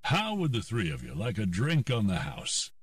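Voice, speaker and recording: Friendly saloon owner, voiced by a male narrator, low and warm-spoken. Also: wildly swooping pitch, normal speed, no echo, studio quality, far from the mic. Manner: friendly, hospitable.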